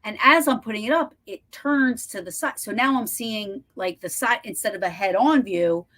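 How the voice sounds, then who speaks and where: A woman hosting a podcast over a video call, telling a story in animated, breathless bursts with lots of restarts and some swearing. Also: medium pitch, normal speed. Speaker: podcast host. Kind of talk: casual storytelling chat.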